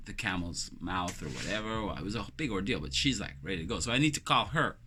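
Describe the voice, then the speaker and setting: A man rambles loosely through a casual vlog monologue, joking as he tells his stories. His voice sits a little low but comes across bright and forceful. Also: lively intonation, fast talker, slightly rough. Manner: loose, joking storyteller who acts out quoted voices. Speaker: vlogger.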